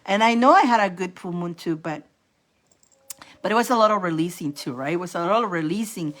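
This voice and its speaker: A woman hosting a casual live-stream spiritual reading. She is chatty and animated, repeats herself and laughs often. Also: on the low side, fairly quick. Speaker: host giving psychic readings.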